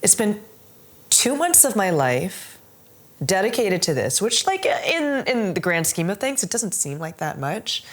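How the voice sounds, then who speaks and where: A woman in her forties talking candidly in an interview, emotional and laughing often, with many "like"s and "right?"s. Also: lowish voice. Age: 40s. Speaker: amateur Muay Thai fighter.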